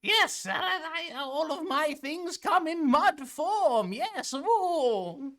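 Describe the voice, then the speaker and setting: A woman voicing a chatty elderly female mud-seller in a tabletop game, with a high, sugary, coaxing voice. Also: animated, very slow, fairly bright tone, full character voice.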